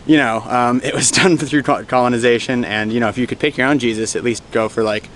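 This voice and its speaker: A young man from the United States talks to his camera in a loose, rambling way, poking fun at himself as he goes. He is winded from climbing in the heat, and his middle-pitched voice comes through an outdoor camera mic with a faint hiss of open air behind it. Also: steady tone, quick pace, a bit bright. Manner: chatty, rambling and self-mocking. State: out of breath. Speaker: travel vlogger. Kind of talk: casual travel vlog. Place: outdoors on a hot hillside in a coastal town.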